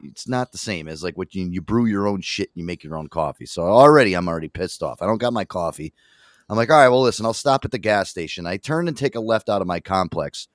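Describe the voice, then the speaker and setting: A male host tells a long, profane story in a casual rush. His voice sits low but swings widely in pitch. The sound is dry and close to the mic. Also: fast talker, no room sound. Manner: animated, swears constantly. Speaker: radio show host.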